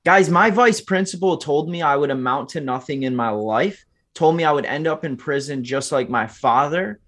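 A man's voice: on the high side, expressive, moderate pace, a bit bright. Earnest young man telling his story. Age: 20s. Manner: earnest, motivational, addresses listeners as "guys". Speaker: podcast guest, entrepreneur. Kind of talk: candid storytelling interview.

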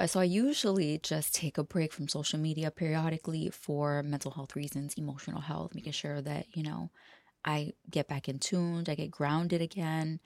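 A woman hosts her podcast in a loose, unscripted monologue, drifting between thoughts and slipping into soft whispers. Her voice sits low with a gravelly fry. The recording is dry and close, with no room sound. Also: no room sound. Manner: rambling, laughs often, drops to a hushed whisper at times. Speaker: podcast host. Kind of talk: casual freestyle monologue.

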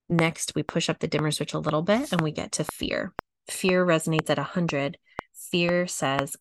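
A middle-aged woman teaching a coaching lesson, walking through a chart at a slow, measured pace and repeating her phrases. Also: low-pitched, fairly even intonation, background noise. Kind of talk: teaching talk, reading a chart aloud.

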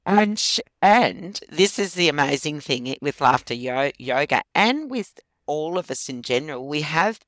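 A woman's voice: sits low, expressive, normal speed, few pauses, fairly bright tone, no room sound. A woman guest in a casual interview, talking through a laughter exercise and laughing often.

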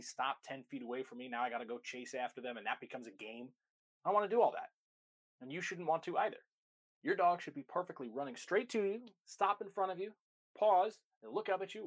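A man who trains dogs, explaining recall step by step in an emphatic, direct teaching style. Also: mid-range voice. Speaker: dog trainer. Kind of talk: instructional talk.

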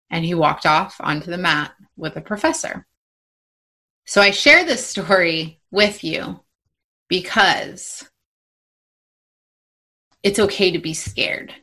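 A woman's voice: sits low, pushed and bright. A woman in her thirties hosting a motivational podcast for mothers, talking in a reassuring, encouraging way. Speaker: podcast host and mom coach.

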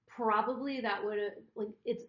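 A woman's voice: fairly high pitch, steady tone, unhurried, fairly bright tone, roomy sound, dull audio. A woman co-hosting a podcast who tells a personal story to her partner in an earnest, emotional, rambling way. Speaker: podcast co-host.

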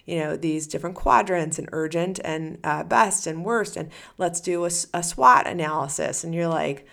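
Woman coaching on her podcast, low voice with some fry, lively and chatty, acts out what you're thinking. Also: moderate pace. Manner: animated, acts out inner voices, casual asides. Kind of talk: solo podcast monologue.

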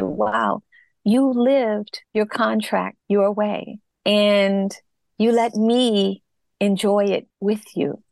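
A woman's voice: mid-range voice, vocal fry, no room sound, clean studio sound. A middle-aged woman telling her personal story as an interview guest, reflective and earnest. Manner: reflective, earnest, slow in places.

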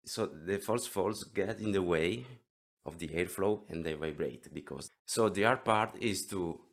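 A man in his thirties with an Italian accent, explaining throat singing in an interview lesson, halting and often restarting his words. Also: deep voice. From Italy. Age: 30s.

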